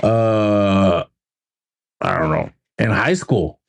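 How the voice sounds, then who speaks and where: A man's voice: lowish voice, drawn-out words, vocal fry. Laid-back young man saying bro. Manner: laid-back, profane, says bro a lot. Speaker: podcast co-host. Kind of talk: casual banter.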